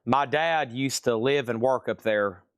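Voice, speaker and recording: A man's voice: medium pitch, a little slow, clear, resonant tone, dry recording, clean studio sound. A man hosting a live-stream vinyl sale, chatting casually as he reads out buyers' names, prices and the condition of each record. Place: record shop.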